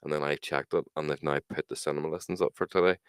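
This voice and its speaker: A podcast co-host with a very deep, clean voice talks fast with fairly even intonation, recorded in studio quality without room sound. His banter is casual and full of swearing, and he acts out quotes using mock voices.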